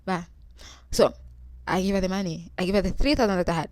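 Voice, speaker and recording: A young woman from Tanzania tells a funny personal story. She acts out the voices of everyone in it, and her pitch swings widely. The sound is close and dry, with no room echo. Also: fast. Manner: animated, acts out quoted voices. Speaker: vlogger. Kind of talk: humorous storytelling.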